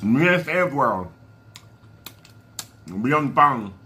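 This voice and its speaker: Bright-toned man chatting while eating. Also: medium pitch, big pitch swings, slow, slight background noise. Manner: chatty, addresses viewers as y'all, murmurs while eating. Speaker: mukbang vlogger. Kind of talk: casual eating vlog talk to viewers.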